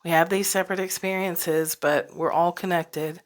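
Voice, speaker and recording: Low-voiced woman hosting a reflective podcast. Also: fairly even intonation, moderate pace. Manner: casual, laughs often, drops to whispered asides. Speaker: podcast host. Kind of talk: reflective solo podcast talk.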